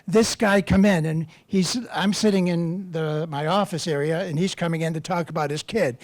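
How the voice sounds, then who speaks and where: An older priest and campus minister tells humorous, self-deprecating stories to a live audience, wandering from point to point. His male voice sits on the high side with a steady tone and moderate pace, and there's no echo.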